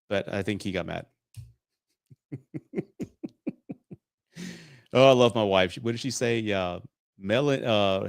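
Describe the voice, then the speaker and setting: A man's voice: lowish voice, lively intonation, moderate pace, vocal fry, pauses often, no room sound, studio quality. A man in his late forties from Texas, hosting a casual live stream Q&A, swearing freely and laughing often. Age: 40s. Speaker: host.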